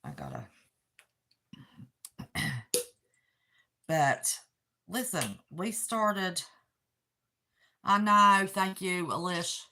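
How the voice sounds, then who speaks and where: There's a noisy background as a 60-something woman from West Virginia talks emotionally with viewers during a casual livestream in her apartment. As the channel host, she speaks extremely slowly in a fairly low voice, pausing often, with big swings in pitch.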